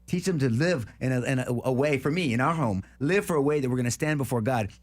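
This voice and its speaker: A man's voice: mid-range voice, fast. Fervent preachy man on a talk panel. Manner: fervent, preachy, repeats words when worked up. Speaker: talk show co-host. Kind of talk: passionate opinion monologue.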